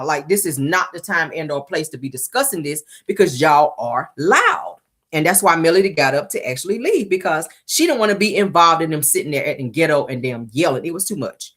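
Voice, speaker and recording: A sassy woman with a low voice recaps reality TV in a casual, chatty way. Her pitch swings widely as she acts out each person's lines, and she adds her own commentary. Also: expressive, fairly quick, fairly bright tone. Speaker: reality show recap host.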